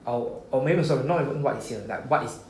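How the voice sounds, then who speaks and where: A man's voice: medium pitch, fast talker, darkish tone. A man with a Singaporean English accent runs a beginner Japanese lesson in a classroom. He explains patiently and keeps checking in with "okay?" and "right?". The room is echoey, with a faint hum of background noise. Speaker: Japanese language teacher.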